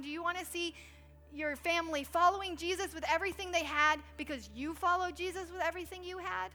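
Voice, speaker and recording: A pastor's wife in her thirties, standing on a church stage, delivers a chatty, story-driven sermon that leans heavily on the word "like." Her voice sits high and sounds bright and forceful.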